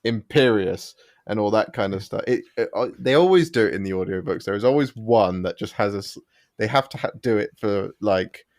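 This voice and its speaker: A man's voice: on the low side, a little fast, darkish tone. A man co-hosting a casual podcast chat, telling stories with amused asides. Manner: amused storyteller, mimics audiobook voices. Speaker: podcast co-host.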